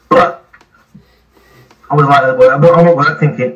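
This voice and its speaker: A man's voice: fairly high pitch, unhurried, distant mic, muffled recording. A man who runs a site, telling stories in casual, swearing podcast talk. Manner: swears freely, animated storyteller. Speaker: airsoft site owner, guest.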